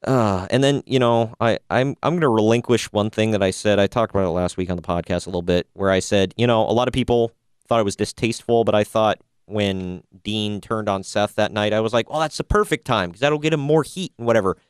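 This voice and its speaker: A man's voice: lowish voice, steady tone, brisk, clean tone, dry recording, studio quality. A man hosting a casual wrestling news podcast, wry and opinionated, often laughing at his own jokes. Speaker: podcast host.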